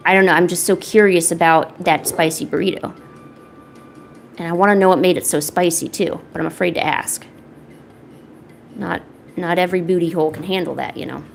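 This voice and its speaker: Young female streamer, casual and chatty, slight vocal fry. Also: lowish voice. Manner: rambling, chatty, talks to chat and a pet. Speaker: art streamer. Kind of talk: casual livestream chat while painting.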